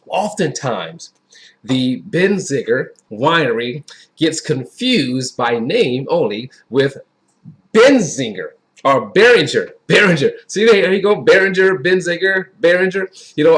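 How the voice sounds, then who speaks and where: A man's voice: fairly high pitch, a bit bright. A man giving a casual, chatty wine review in a folksy way that often repeats itself. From Wisconsin.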